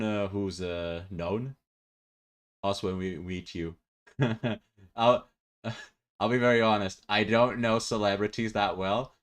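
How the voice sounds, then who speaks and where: A man's voice: fairly low pitch, a bit bright. A male VTuber streamer chatting casually, rambling and laughing often.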